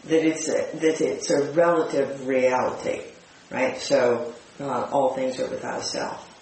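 A woman's voice: extremely low pitch, steady tone, unhurried, a little mellow. A woman speaking thoughtfully in a reflective spiritual group discussion, explaining her ideas. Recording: echoey room, distant mic, faint hiss.

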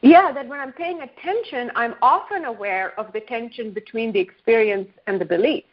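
A woman co-host with a slightly higher voice, speaking in a thoughtful, measured way. The sound is a little dull and lo-fi. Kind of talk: reflective talk show.

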